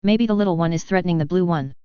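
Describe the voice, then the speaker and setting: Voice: medium pitch, rapid-fire, warm tone, smooth, no echo, highs cut off, lightly acted. A narrator voicing a snappy young soldier woman. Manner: snappy, complaining. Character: sarcastic young female soldier.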